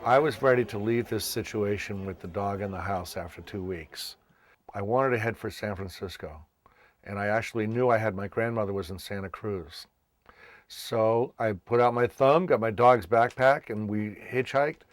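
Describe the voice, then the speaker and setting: Older male storyteller from Massachusetts, casual and animated, close dry sound. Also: on the low side, normal speed, no echo. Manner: animated, acts out quoted voices. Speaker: children's entertainer telling his life story.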